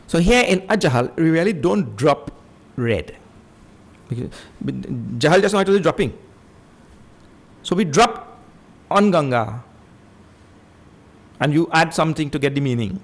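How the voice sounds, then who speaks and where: A man teaching scripture in a lecture, repeating key points and acting out stories. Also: fairly high pitch. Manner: animated teaching with acted-out stories.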